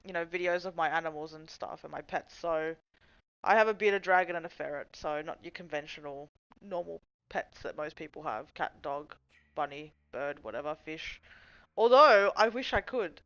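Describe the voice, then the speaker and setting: A woman's voice: low voice, normal speed, fairly bright tone, dry recording, poor audio. A young woman hosting a livestream, rambling casually, swearing freely, goofing around and reading chat messages aloud. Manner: chatty, profane, goofy, reads chat aloud. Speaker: livestream host.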